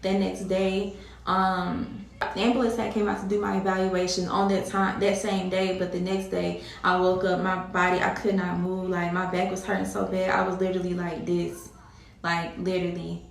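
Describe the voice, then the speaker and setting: A woman's voice: fairly low pitch, flat delivery, moderate pace, creaky, distant mic. A woman vlogger telling a personal story to her viewers in a casual, emphatic way, repeating herself and addressing them directly. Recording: very echoey room.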